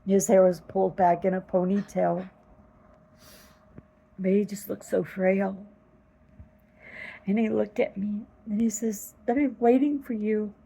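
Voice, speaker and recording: Slow, gravelly-voiced woman telling a story. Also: medium pitch, flat delivery, dark tone, low-quality recording. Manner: slow, halting, earnest retelling. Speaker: vlogger telling a dream. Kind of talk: personal storytelling.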